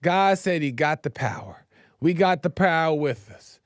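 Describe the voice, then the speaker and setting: A man host retells a story in a relaxed, slangy way, full of fillers. His voice sits a bit high and very clear, recorded close with a dry sound. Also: measured pace, dry recording. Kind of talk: casual storytelling.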